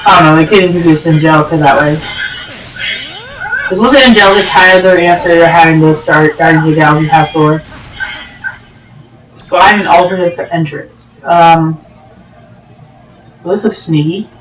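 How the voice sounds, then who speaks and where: A man giving chatty, excitable let's-play commentary over a video game, sometimes pleading and whiny. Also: fairly high pitch, normal speed, long pauses, far from the mic, background noise. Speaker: gaming YouTuber. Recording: echoey room with game music behind. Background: game music.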